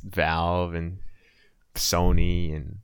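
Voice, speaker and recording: A man's voice: deep voice, flat delivery, extremely slow, smooth, no room sound. A young man co-hosting a podcast, laid-back, tossing out dry quips and chuckling. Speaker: podcast co-host. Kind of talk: casual joking chat.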